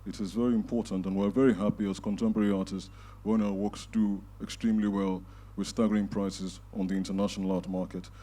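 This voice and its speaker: Dark-voiced man hosting. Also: lowish voice, little pitch movement. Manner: measured, with frequent filler pauses. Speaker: event host. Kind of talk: closing remarks at a panel event. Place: event hall before a live audience.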